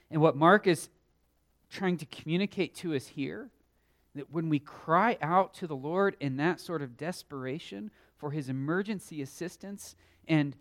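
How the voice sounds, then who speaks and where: Brief: unhurried male Sunday school teacher, earnest, emphatic, swings from loud to hushed. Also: on the high side. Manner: earnest, emphatic, swells loud then drops quiet; thinks aloud with small restarts. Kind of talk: Bible lesson teaching.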